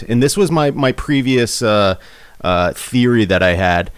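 Rambling, animated man hosting a chat. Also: mid-range voice, measured pace, clean tone, dry recording. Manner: rambling, animated, laughs often, many restarts. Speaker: podcast host. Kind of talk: casual comedic chat.

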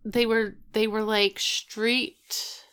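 A woman casually recapping a show, retelling scenes with quick quoted lines. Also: a little high, little pitch movement, fairly bright tone, smooth. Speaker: podcast co-host recapping a show. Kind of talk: casual chat.

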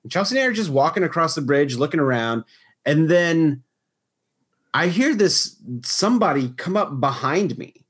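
A man's voice: on the high side, big pitch swings, normal speed, a bit bright, slightly rough. A young man chatting casually as a podcast host, telling a long story with lots of restarts and filler words. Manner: rambling storytelling with frequent restarts. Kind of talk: casual chat.

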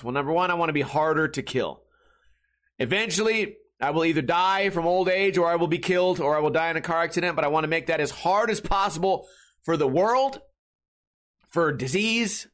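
A middle-aged man talks alone on his podcast in a slightly high voice. He rambles loosely from one tangent to the next, swears freely and pokes fun at himself along the way. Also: a bit bright. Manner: rambling, swearing, self-mocking, goes off on tangents. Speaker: podcast host. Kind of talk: casual solo podcast rambling.

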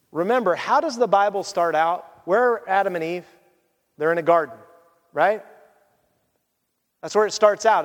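A man preaching a sermon as a pastor, animated and conversational. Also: on the high side, in a large hall.

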